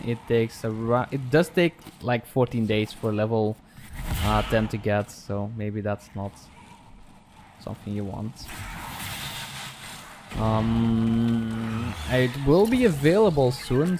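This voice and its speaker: Man, mid-pitched voice, casual gameplay commentary, hesitant with many ums, steady background noise. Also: a little slow. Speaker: gaming channel host.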